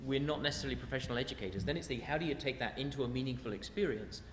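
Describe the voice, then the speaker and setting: Man, rapid talk, thinking aloud, echoey hall. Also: mid-range voice, a little hiss or hum. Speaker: panelist. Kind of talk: panel discussion answer. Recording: echoey hall with faint ambience.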